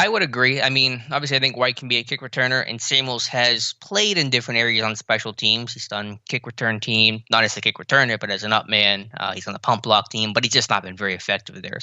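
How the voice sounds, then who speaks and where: A man co-hosting a sports podcast, brisk and matter-of-fact, with some teasing. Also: lowish voice, pushed and bright, no echo. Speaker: podcast co-host. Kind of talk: casual sports analysis. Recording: slightly dull lo-fi mic.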